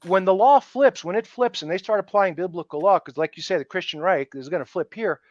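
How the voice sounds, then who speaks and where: A man talking as a podcast guest in a casual interview, emphatic and animated, acting out the people he quotes. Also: sits high, quick pace, hardly any pauses, no room sound, highs cut off.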